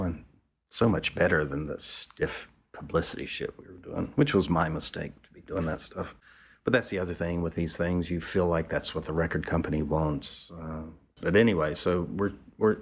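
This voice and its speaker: Man photographer guest, low voice, easygoing profane yarn-spinner. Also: gravelly. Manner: loose, rambling, profane, chuckling. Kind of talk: casual storytelling anecdote.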